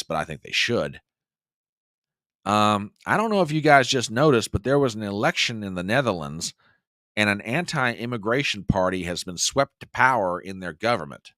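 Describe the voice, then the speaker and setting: A lowish-voiced American man hosting a political live stream, riffing on the news with indignant energy. His sound is dry and close, with no room around it. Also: pushed and bright, dry recording. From United States. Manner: indignant, reads news aloud and mocks quotes. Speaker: host.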